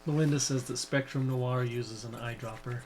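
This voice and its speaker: A woman's voice: extremely low pitch, fairly even intonation, moderate pace, darkish tone, soft background music. A woman co-hosting a live stream who reads out viewer comments and adds short reactions. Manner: brief reactions and read-out comments. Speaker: co-host reading viewer comments.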